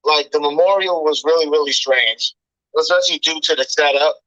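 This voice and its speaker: A man's voice: a little high, a little fast, sharp tone, dry recording. A man talking on a podcast, earnestly laying out his argument point by point. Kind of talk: casual chat. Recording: dry, muffled lo-fi audio.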